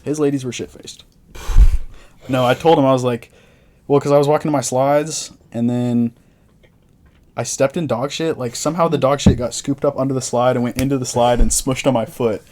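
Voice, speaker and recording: A man's voice: medium pitch, steady tone, normal speed, a little mellow. A young man in casual podcast chat, telling rambling stories full of slang. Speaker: podcast co-host.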